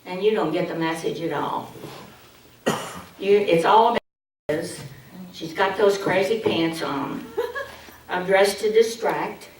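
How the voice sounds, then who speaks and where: A woman's voice: lowish voice, takes it slowly, long pauses, slight background noise. A woman giving a public speaking training talk, playful and full of uh fillers, acting out bad habits. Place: large hall. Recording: echoey hall from far off.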